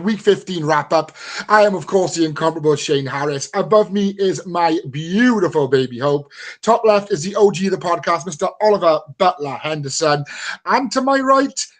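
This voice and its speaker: Male host, high-pitched, playful showman patter. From United Kingdom. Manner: lively, showman-like introductions. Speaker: podcast host. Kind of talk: casual podcast banter.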